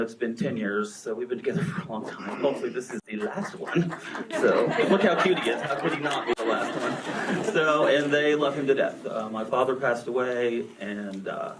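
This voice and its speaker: A man's voice: mid-range voice, moderate pace. Man from texas, panel guest, candid and joking, mid-range voice, far from the mic, faint noise. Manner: candid, joking, self-deprecating. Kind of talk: storytelling on a panel. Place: movie theater.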